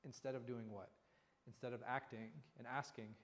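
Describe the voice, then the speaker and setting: Imam teaching with rhetorical questions, hall reverb. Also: male voice, mid-range voice, moderate pace. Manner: animated, asks rhetorical questions. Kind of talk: conversational religious lesson. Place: mosque hall.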